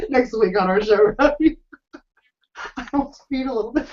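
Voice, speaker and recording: A man co-hosting a casual chat about reality TV, excitable and playful, often giggling. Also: very high-pitched, moderate pace, long pauses, lo-fi sound. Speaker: co-host.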